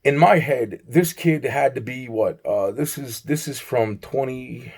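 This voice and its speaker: A man's voice: mid-range voice, unhurried, gravelly, darkish tone, breathy edge. A man recounting a strange encounter in a rambling, profane way, acting out both sides of the dialogue and repeating himself often. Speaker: vlogger. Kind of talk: rambling personal storytime.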